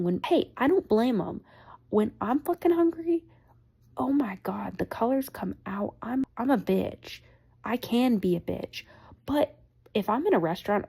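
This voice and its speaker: A woman's voice: on the low side, gravelly, warm tone. A young woman hosting a podcast, chatting casually and rambling between tangents, swearing freely and speaking frankly. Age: young adult. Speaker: podcast host. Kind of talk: casual chat.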